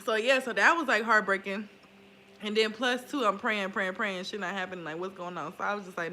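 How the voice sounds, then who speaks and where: A woman's voice: medium pitch, fairly even intonation, fairly quick, sharp tone, a little hiss or hum. A young woman talking candidly in a casual vlog, swearing freely and laughing often. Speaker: spiritual vlogger. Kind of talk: casual confessional chat.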